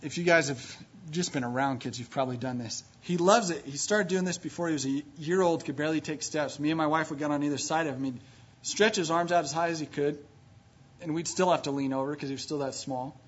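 Male preacher, slightly high and husky, emphatic sermon delivery, muffled lo-fi recording. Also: fast talker. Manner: emphatic, building from low and quiet to loud and high; retells scripture stories with quoted voices. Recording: dull lo-fi recording.

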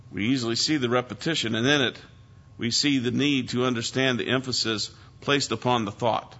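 A man's voice: medium pitch, pushed and bright. A man teaching through a psalm in an earnest sermon, stressing key words with emphasis. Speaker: preacher. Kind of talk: expository Bible teaching. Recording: dull lo-fi recording.

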